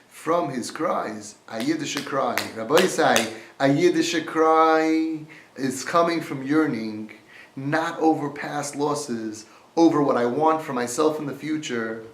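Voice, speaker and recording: A man delivers an impassioned Torah talk, reading out Hebrew sources and explaining them in English. His voice sits fairly high, and the recording carries a noticeable roomy echo. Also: slight background noise. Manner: impassioned, quoting Hebrew texts and translating them. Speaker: Torah teacher.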